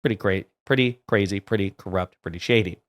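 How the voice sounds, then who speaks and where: A man's voice: lowish voice, fairly quick. A man hosting online political commentary, reading quotes aloud and adding blunt sarcastic asides.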